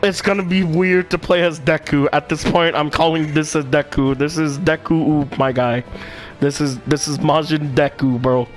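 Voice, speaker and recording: Excitable man shouting over game music. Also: fairly high pitch, moderate pace. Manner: excitable, swears, shouts and repeats himself. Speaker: gameplay commentator. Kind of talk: casual game commentary. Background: loud game music.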